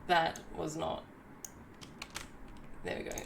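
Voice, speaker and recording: A woman's voice: takes it slowly, noisy background. A woman hosting a live stream, bubbly and chatty as she greets viewers and narrates community stories. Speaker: livestreamer.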